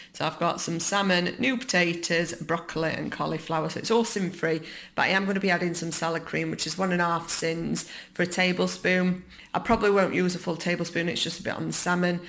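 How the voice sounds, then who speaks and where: A woman's voice: lowish voice, vocal fry, a bit bright. A woman in her thirties with an English accent, chatting casually and rambling with many ums as she vlogs from her dining room at home. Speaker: vlogger. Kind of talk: casual chat. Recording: echoey room.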